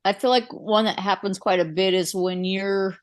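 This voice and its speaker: A woman taking part in an umpire class, describing a play and asking a question in a steady way. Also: medium pitch, normal speed. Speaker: participant umpire.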